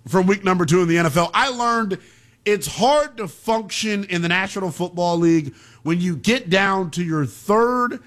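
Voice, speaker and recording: A young man hosting a call-in sports radio show, ranting in a slangy, animated way. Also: high voice, moderate pace. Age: young adult.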